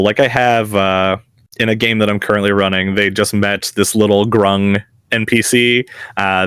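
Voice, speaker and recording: A man's voice: fairly low pitch, a bit bright, smooth, no echo, studio quality. A man and game master, chatting as a guest in an interview, easygoing and chuckling at himself. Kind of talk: casual interview.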